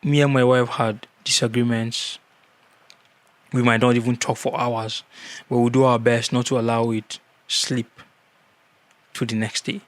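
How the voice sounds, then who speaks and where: An earnest man talks straight to the camera, handing out marriage advice in an easygoing vlog. His voice sits at an ordinary middle pitch, and he drives his points home by saying the same word over and over. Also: little pitch movement, measured pace, long pauses, no echo. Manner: earnest, repeats key words for emphasis.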